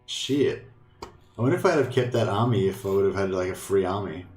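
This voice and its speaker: This Australian streamer has a low, darkish voice that's expressive and fairly quick. He comments casually on his strategy game, thinking aloud and throwing in the odd swear word, with an echoey room and soft game music behind him.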